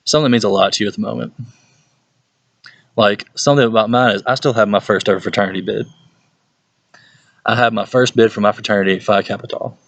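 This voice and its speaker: A young man, a youth pastor telling stories in a casual, animated way and often laughing. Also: lowish voice, quick pace, gravelly, pauses often, no echo, highs cut off. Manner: animated storytelling, laughs often, puts on voices for people he quotes. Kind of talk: casual talk to a youth group.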